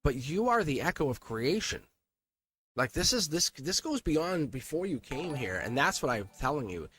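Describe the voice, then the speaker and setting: A man's voice: a little high, big pitch swings, moderate pace, a bit bright. A man hosting a live-streamed tarot reading, speaking earnestly and emphatically and repeating himself for emphasis. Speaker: tarot reader.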